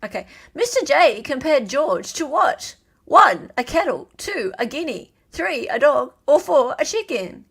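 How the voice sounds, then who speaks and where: High-voiced Australian woman hosting a quiz. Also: big pitch swings, measured pace. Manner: playful and chatty, reading out multiple-choice answers. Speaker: live-stream host. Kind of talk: casual live-stream trivia quiz.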